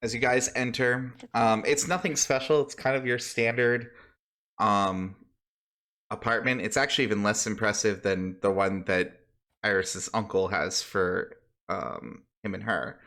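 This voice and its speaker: A man's voice: lowish voice, steady tone, a little slow, bright, forceful tone. A man running a tabletop game as game master, narrating casually with laughing asides.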